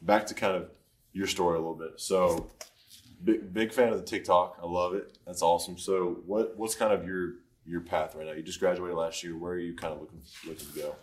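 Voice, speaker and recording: An easygoing man hosts a casual podcast chat. His voice is very low, and he keeps cheering his guest on. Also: steady tone, fairly quick. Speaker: podcast host.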